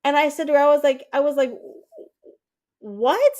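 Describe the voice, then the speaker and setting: A woman's voice: high voice, lively intonation, moderate pace, darkish tone. A woman in her thirties hosting a livestream, telling a family story in a chatty way and breaking off to answer her chat. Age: 30s. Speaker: livestream host. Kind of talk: casual chat with live chat viewers.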